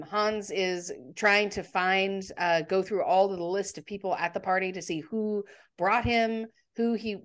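A woman's voice: mid-range voice, fairly bright tone. A woman co-hosting a casual chat, retelling a film's plot in a chatty way with many ums. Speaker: podcast co-host. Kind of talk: casual movie recap chat.

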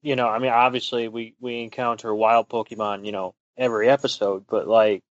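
A man's voice: on the low side, level tone, fairly quick, no echo, muffled recording. A man co-hosting a casual podcast, teasing his partner dryly and thinking aloud with lots of ums. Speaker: podcast co-host.

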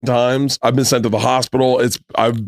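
A man's voice: medium pitch, normal speed, dry recording. Middle-aged guy telling stories, acts out voices, dry close mic. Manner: animated storyteller, acts out quotes in raised voice. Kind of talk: casual chat, storytelling.

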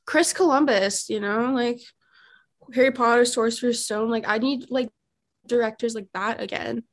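A woman's voice: a little high, normal speed. A young woman as guest co-host on a gossip podcast, blunt and opinionated. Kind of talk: casual entertainment gossip chat.

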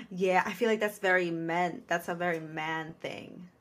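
A woman's voice: lowish voice, moderate pace, slight background noise. A young woman in a casual podcast chat, talking candidly and expressively about herself. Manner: candid and expressive, acting out her own reactions.

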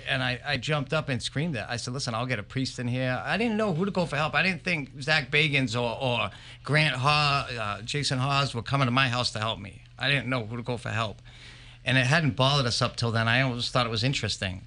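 A man being interviewed as a paranormal investigator on a live podcast, telling his stories in an animated, emphatic way. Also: medium pitch, a little fast.

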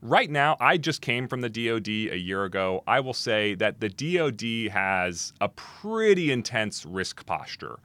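A man with a lowish voice that swings widely up and down, speaking as an interview guest with emphatic, animated delivery. The sound is dry and close, with little room around it. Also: a little slow, few pauses, no room sound. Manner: animated, emphatic, with frequent restarts and asides. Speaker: guest expert. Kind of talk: podcast interview answers.

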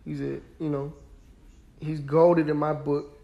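A man's voice: fairly high pitch, little pitch movement, unhurried, vocal fry, lo-fi sound. A young man hosting a podcast, chatting casually about sports in a laid-back, rambling way with lots of fillers. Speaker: podcast host.

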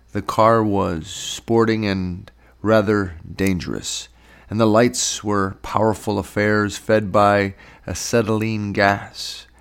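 A man narrating a novel in a measured, unhurried storytelling manner. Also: on the low side, creaky. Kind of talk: audiobook narration.

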